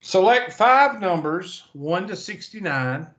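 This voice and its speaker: A man's voice: high voice, animated, slow pace, fairly bright tone. A man with a Southern US accent teaching a math class over a video call, chatty and thinking aloud as he goes. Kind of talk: online class lecture. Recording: muffled video call audio.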